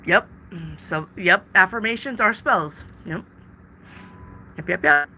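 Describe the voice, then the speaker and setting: A woman's voice: medium pitch, expressive, slow pace, pushed and bright, slight background noise. A woman reading tarot on a live stream, reading out viewer questions and answering them with emphatic repetition. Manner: emphatic, repeats words for stress. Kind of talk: casual live-stream chat.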